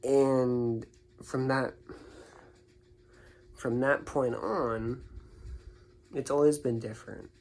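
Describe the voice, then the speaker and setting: A man's voice: medium pitch, steady tone, drawn-out words, gravelly, pauses often, a little mellow, poor audio. A young man vlogging, telling a rambling personal story to the camera, often repeating himself. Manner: rambling, repeats words and restarts. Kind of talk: casual storytelling monologue.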